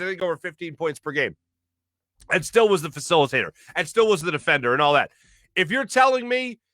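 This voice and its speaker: A man hosting a sports talk show, hoarse from losing his voice, giving an emphatic opinion monologue and clearing his throat now and then. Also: high-pitched, sharp tone, no echo. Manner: emphatic, repeats phrases for stress, clears throat often.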